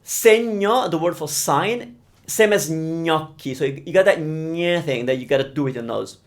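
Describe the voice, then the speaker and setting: A young Italian man with an Italian accent, teaching pronunciation live and stretching out sounds to demonstrate them. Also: on the high side. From Italy. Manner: animated, drawn-out demonstrations of sounds. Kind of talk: live-streamed pronunciation lesson.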